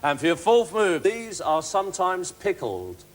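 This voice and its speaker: A man's voice: high-pitched, very animated, measured pace. A man hosting a family game show, chatty, teasing and upbeat with young contestants. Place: TV studio with live audience. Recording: 1980s TV studio with loud audience and noise.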